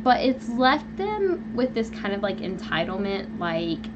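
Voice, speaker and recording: A young woman hosting a live stream from home, rambling through an animated personal story with lots of fillers. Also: medium pitch, measured pace, muffled recording, background noise. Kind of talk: casual venting live chat. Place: at home, indoors.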